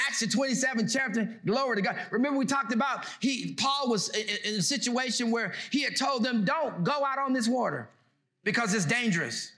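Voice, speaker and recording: A male pastor preaching a sermon, calling out to the congregation and shouting scripture verses. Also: very high voice. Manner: call-and-response, shouting scripture.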